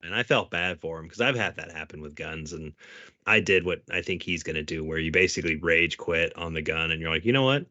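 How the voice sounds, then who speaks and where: A man's voice: a bass voice, fairly even intonation, brisk, sharp tone, no room sound. A man co-hosting a podcast, joking crudely and speaking bluntly in casual chat. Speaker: podcast co-host. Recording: dry, dull lo-fi podcast audio.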